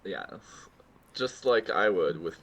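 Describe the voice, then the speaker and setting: A man's voice: sits low, animated, a bit bright, highs cut off, slight background noise. A man co-hosting a podcast in casual chat, chiming in with short agreements and adding plot details. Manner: slow, interjecting short agreements. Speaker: podcast co-host. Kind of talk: casual chat recapping an episode.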